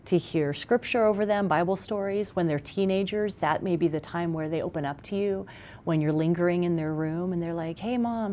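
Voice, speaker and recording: A middle-aged woman speaking as a parenting expert guest in a conversational interview, animated and acting out little scenes. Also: on the low side, brisk, slight background noise.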